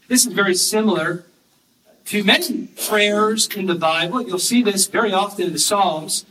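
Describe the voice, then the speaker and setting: A man preaching a sermon, earnestly explaining scripture and reading verses slowly and with emphasis. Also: high voice, sharp tone. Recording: distant mic with faint background noise.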